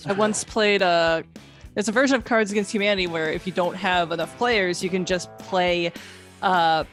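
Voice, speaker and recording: A woman's voice: lowish voice, fairly even intonation, normal speed, fairly bright tone. Woman, games journalist, casual chat, curious, asks questions, faint music. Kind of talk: casual chat over gameplay.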